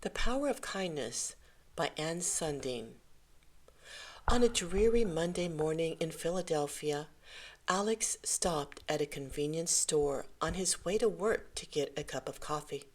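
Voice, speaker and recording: A woman reading a short story aloud in a gentle, measured way. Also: deep voice. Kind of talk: scripted story narration.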